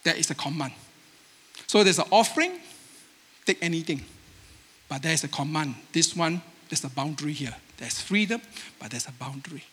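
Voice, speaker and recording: Preaching in Asian-accented English, this high, bright, slightly rough male voice moves at a moderate pace and pauses often. Animated and emphatic, he voices quoted speakers with sharp emphasis, his sermon echoing at length through a big hall.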